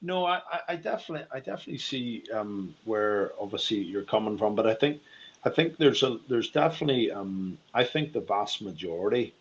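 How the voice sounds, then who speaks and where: A man's voice: lowish voice, lively intonation, fairly quick, muffled recording. A man calling into a live audio chat, hesitant and apologetic, full of fillers. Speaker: caller.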